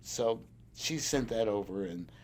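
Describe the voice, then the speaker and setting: A farmer in an oral history interview tells stories animatedly, chuckling often and acting out the voices of the people in them. His voice is fairly low and a little slow, captured by a recorder on a desk.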